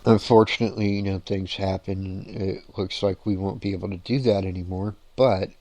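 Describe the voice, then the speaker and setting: A man hosting a paranormal show, telling ghost-hunting stories in a rambling, excited way with frequent laughs and restarts. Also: deep voice, moderate pace, dry recording. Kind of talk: casual storytelling on a show.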